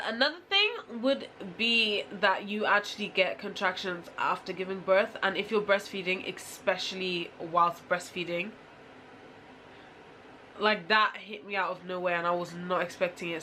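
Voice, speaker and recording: A woman's voice: mid-range voice, bright, forceful tone, a little hiss or hum. A woman chatting casually to camera as a vlogger, rambling and laughing often.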